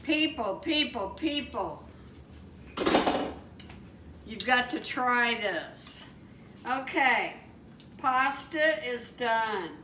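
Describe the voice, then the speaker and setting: Speaking very slowly with long pauses, a woman with a fairly high voice chats excitedly and exclaims while demonstrating a recipe at home. The casual kitchen recording is echoey and distant, filled with the sizzle of a frying pan.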